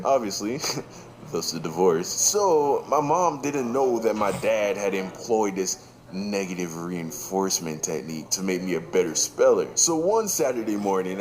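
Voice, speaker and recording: A man telling a comedic childhood story, jumping into a high crying child voice for his younger self. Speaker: storyteller in a played video.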